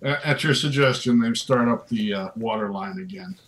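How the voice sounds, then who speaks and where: A man narrating as dungeon master in a tabletop game, playful and quick to laugh. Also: medium pitch, a bit bright. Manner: laughs often, playful teasing.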